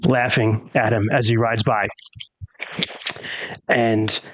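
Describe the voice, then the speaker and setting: A man's voice: lowish voice, flat delivery, takes it slowly, a bit bright, no room sound, low-quality recording. Man narrating as game master, dry sound. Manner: dramatic storytelling with character voices.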